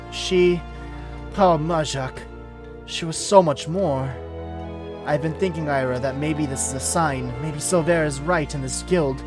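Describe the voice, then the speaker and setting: A man voicing a sad, soft-spoken young woman archer in a game, talking earnestly. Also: fairly high pitch, close to an everyday voice. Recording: clear background music.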